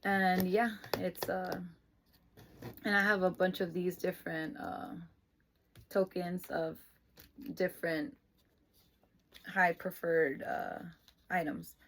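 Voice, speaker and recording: Middle-aged mother, casual vlogger, unhurried and sincere, emotional edge. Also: fairly low pitch, a little hiss or hum. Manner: emotional, earnest, lapses into excited praise voice. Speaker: mother of an autistic son. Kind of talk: casual explanatory vlog.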